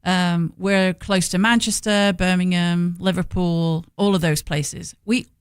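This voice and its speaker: A woman's voice: lowish voice, steady tone, unhurried, smooth, no room sound. English lady w/ stoke accent chatting as a guest, easygoing, dry mic. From England, Stoke. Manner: chatty, agreeable. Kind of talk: casual chat.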